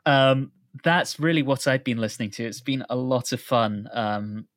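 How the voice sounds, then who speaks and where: A man co-hosting a music podcast, chatting in a relaxed way with dry humor. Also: mid-range voice, moderate pace, no room sound. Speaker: podcast co-host. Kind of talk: casual chat.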